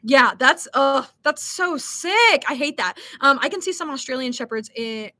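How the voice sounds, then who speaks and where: Young woman, high-pitched, bright tone, casual livestream chat, giggly, lots of fillers. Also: expressive, moderate pace. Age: young adult. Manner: chatty, giggly, lots of ums and likes. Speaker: livestream host reading chat.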